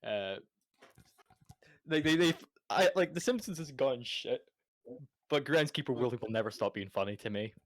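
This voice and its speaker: A man's voice: medium pitch, animated, normal speed, pauses often, no room sound. A Scottish man chatting casually on a podcast, swearing and stammering through restarts. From Scotland. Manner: rambling, profane, stammering restarts. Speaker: podcast panelist.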